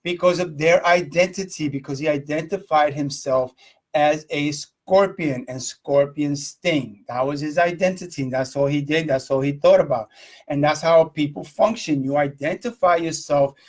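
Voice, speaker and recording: A man's voice: fairly high pitch, normal speed, darkish tone. Rambling man hosting a live stream. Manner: rambling, repeats himself, asks viewers questions. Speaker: host of a live video stream. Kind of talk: casual motivational talk.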